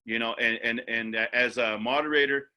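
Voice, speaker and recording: A man moderating a video-call webinar in a relaxed, rambling way, full of fillers and repeated words. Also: mid-range voice, normal speed. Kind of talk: casual moderating with many fillers.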